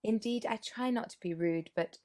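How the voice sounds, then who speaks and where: A woman voicing a shy young governess who is guarded and sly, speaking hesitantly and softly. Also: fairly high pitch, moderate pace, voice pushed up, natural voice. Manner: hesitant and soft.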